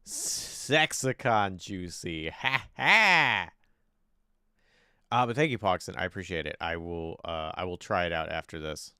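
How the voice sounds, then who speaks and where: A man's voice: deep voice, moderate pace, hardly any pauses, a bit bright, clean tone, no echo, studio quality. A man live-streaming from home, thinking aloud in casual chat while he fiddles with his desk microphone settings and gets frustrated.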